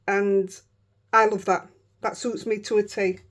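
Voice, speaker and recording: A woman with a Yorkshire accent, a crafting vlogger chatting excitedly and rambling through a casual show-and-tell. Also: mid-range voice, a little slow. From Yorkshire, England.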